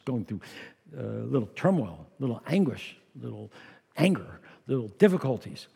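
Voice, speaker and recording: A male pastor preaching a lively sermon, with personal asides and humor. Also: mid-range voice, slightly rough. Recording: long hall reverb.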